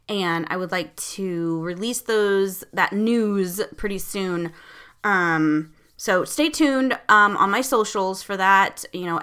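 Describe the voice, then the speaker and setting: A woman's voice: medium pitch, bright, forceful tone, smooth. A woman hosting a podcast, talking in a casual, chatty way with lots of ums. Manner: chatty, filler-heavy, friendly. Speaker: podcast host.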